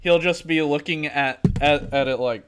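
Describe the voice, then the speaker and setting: Man hosting, bright laughing delivery. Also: on the high side, moderate pace, slight background noise. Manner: rambling, laughing while telling stories. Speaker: podcast host. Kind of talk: casual podcast chat.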